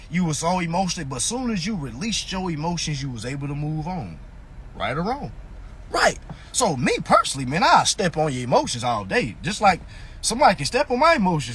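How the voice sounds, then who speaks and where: Animated, husky-voiced man ranting on a live stream. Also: sits high. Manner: animated, mocking, profane, rhetorical questions. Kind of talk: casual ranting monologue. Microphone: phone.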